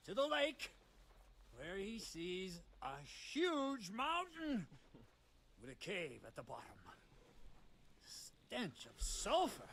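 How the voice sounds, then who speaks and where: A man's voice: high-pitched, a bit bright, exaggerated voice. An actor voicing a rowdy, crude man in a video game, a storyteller who keeps laughing at his own tale.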